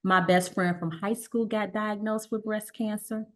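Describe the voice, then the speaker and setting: A middle-aged woman guest telling her story in a relaxed conversational way, acting out the voices of the people she quotes. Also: medium pitch, measured pace. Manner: animated, acts out quoted dialogue.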